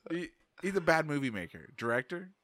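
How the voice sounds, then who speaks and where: A man's voice: fairly high pitch, big pitch swings, fairly quick, fairly bright tone, no room sound, studio quality. A middle-aged man co-hosting a podcast, chatting crudely and profanely, rambling and laughing often. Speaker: podcast co-host. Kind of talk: crude casual banter.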